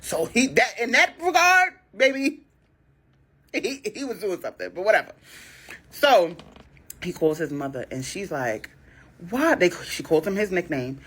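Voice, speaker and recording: A woman telling a dating story in a casual, animated way, acting out both sides of the conversation. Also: mid-range voice, measured pace, pauses often, breathy edge.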